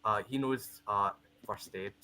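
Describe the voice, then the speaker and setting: Bright-voiced man running a tabletop game. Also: on the low side, steady tone, unhurried, a little hiss or hum, low-quality recording. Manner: hesitant, many fillers. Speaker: game master.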